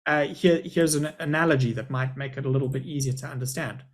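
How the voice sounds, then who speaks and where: A man's voice: mid-range voice, quick pace. A middle-aged man, a school principal, giving a chatty, upbeat live webinar presentation over a video call.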